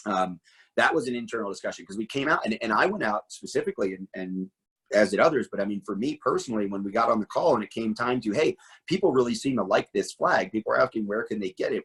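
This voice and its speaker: A middle-aged man guest speaks in a low, slightly husky voice. He talks in an animated conversational way, piling up asides and rhetorical questions as he explains. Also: rough recording. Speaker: interview guest, firearms trainer.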